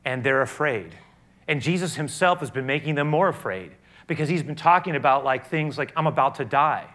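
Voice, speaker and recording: A man preaching a sermon, who swings from hushed to loud and often restarts and repeats himself as he builds. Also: on the high side, animated, fairly quick. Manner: frequent restarts and repetitions. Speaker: pastor.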